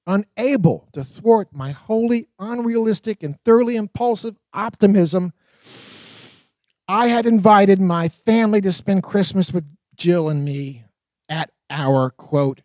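A man narrating his own memoir in an expressive, dramatic audiobook reading. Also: high voice, unhurried, dry recording. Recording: dull, lo-fi dry recording.

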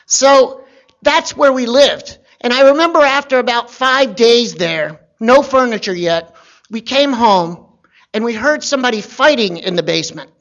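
A man from Virginia telling a personal story in a wry, conversational way with deadpan asides. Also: extremely high pitch, unhurried, muffled recording.

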